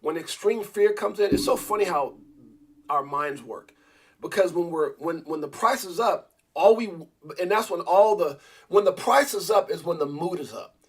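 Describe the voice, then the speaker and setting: Husky-voiced man rambling on a livestream. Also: high-pitched, normal speed. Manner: rambling, with many restarts and repeated words; addresses viewers and a co-host directly. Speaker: crypto livestream host. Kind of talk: casual live-stream talk.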